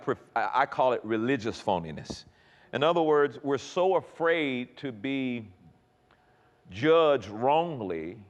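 A man preaching a sermon, lively and emphatic, often repeating words and acting out quoted conversations. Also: medium pitch. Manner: animated, repeats words, acts out quoted dialogue. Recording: long reverb in a large hall.

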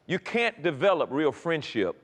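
A man delivering a sermon with a fairly high, very lively voice that rises and falls as he presses each point. He restarts phrases and repeats words, slipping into little dialogues. His voice rings out with a long reverb in a large hall. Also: moderate pace. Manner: animated, repeats words, acts out quoted dialogue. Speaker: preacher.

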